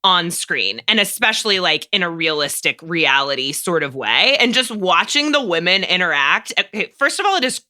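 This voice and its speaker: A woman guest on a podcast, chatting casually in an animated, blunt and joking way. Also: fairly low pitch, moderate pace, hardly any pauses.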